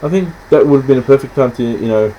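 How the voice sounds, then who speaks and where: A man in casual film chat, rambling and halting, often stopping to restart, acting out scenes in quick quoted voices. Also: mid-range voice, dark tone, highs cut off, a little hiss or hum. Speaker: podcast host.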